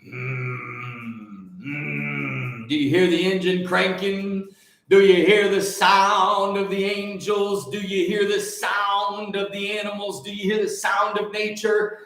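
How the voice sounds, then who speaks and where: A man giving a rousing, preachy monologue, shifting between shouts and low mutters and breaking into song. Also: level tone, measured pace. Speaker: host. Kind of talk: fiery motivational monologue. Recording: very echoey room.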